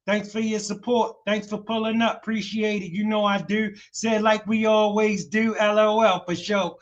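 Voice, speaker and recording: A man hosting a podcast, reading out shout-outs to his live chat. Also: high voice, little pitch movement, moderate pace. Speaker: podcast host. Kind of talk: casual chat. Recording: dull lo-fi sound.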